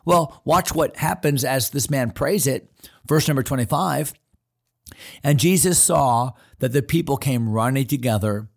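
A man pastor giving an earnest devotional sermon, slowing down to stress the scripture he quotes. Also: mid-range voice, gravelly.

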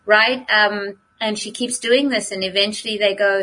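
A woman with a husky, breathy voice chats on a podcast, telling stories in an animated way and laughing often. Her pitch sits in a medium range. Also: normal speed, low-quality recording. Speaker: podcast co-host. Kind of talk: casual chat.

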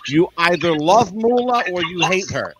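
A man's voice: high-pitched, animated, normal speed. A man hosting a podcast interview, telling stories with emphasis in casual chat. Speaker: podcast host. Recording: noisy podcast recording.

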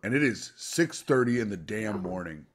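A man's voice: lowish voice, animated, moderate pace. A young adult man hosting a casual comedy podcast, rambling and joking crudely. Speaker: podcast host.

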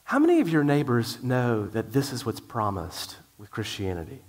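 A man's voice: mid-range voice, wildly swooping pitch, normal speed. A middle-aged male pastor preaching a sermon in an earnest way, with frequent restarts.

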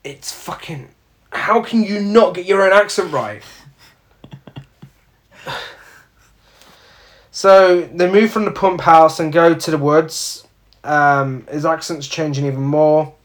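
A man's voice: on the high side, slow pace, pauses often. A man, casually recapping a film's plot with sweary, sardonic asides. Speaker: podcast co-host. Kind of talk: casual film review chat.

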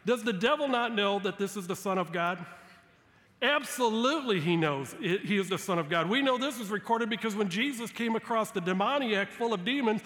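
Male pastor with a high voice, preaching expressively, with scripture quotes acted out; long hall echo. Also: lively intonation, a little fast, fairly bright tone. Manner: preaching with dramatic read-aloud quotes and emphatic rises. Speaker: guest pastor. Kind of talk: sermon.

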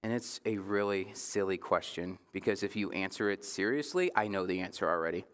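A man in his thirties, a pastor giving a casual sermon, joking with the congregation and slowing down for emphasis. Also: sits low, smooth, big-room sound. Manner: conversational preaching with jokes and slow emphatic phrases. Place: church sanctuary.

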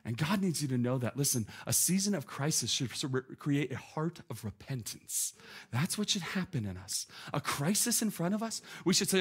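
A man in his thirties preaching a sermon, animated and conversational, with many "like" asides. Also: a little high, moderate pace, husky. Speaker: pastor.

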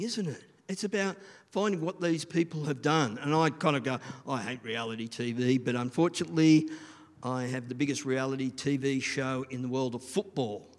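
A middle-aged man, giving a rambling, chatty sermon and often asking the listeners questions. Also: medium pitch. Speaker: children's church leader. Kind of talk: informal sermon. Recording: long reverb of a large room.

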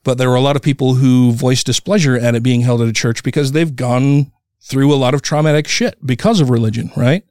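A man telling a story in casual chat, heated and profane, retelling an angry run-in with lively animation. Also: mid-range voice, brisk, dry recording, studio quality.

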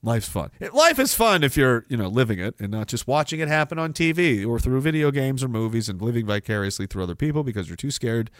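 A man's voice: medium pitch, animated, fast talker, few pauses, no room sound, clean studio sound. A young adult man hosting a casual livestream, joking, laughing often and reading viewer messages aloud. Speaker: livestream show host.

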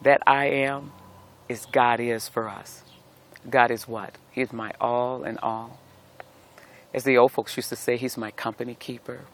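A man's voice: mid-range voice, fairly bright tone. A middle-aged man giving a devotional talk outdoors, speaking as a pastor with a preacherly cadence and repeated phrases. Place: outdoors in nature.

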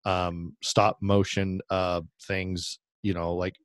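A man's voice: low-pitched, flat delivery, slow pace, dry recording, studio quality. A man hosting a podcast in casual chat, joking and teasing with hypothetical questions. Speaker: podcast host.

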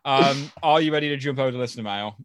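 A man's voice: mid-range voice, fast talker. A man co-hosting a casual podcast, joking around and reading listener mail aloud. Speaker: podcast co-host.

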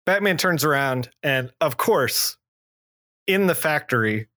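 A man's voice: animated, measured pace, pushed and bright, no echo. Podcast co-host, male, rambling plot recaps, dry close mic. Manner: recaps plots loosely with many fillers and restarts; acts out character lines in a lower voice. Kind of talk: casual comic book discussion.

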